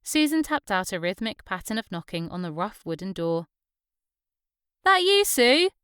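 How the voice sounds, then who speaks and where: A woman reading an audiobook in scripted narration, steady and even. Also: on the low side, a little fast, clean tone, no echo, studio quality.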